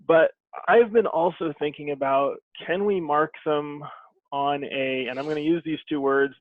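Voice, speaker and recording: A man, a game publisher, talking casually on a video call in a thoughtful, rambling way with many pauses. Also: a little high. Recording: phone-like thin audio.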